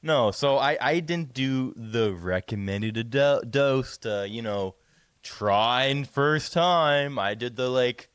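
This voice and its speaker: A young man co-hosting a podcast, rambling through a profane, animated story in casual chat. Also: medium pitch, slow, clear, resonant tone, dry recording. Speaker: podcast co-host.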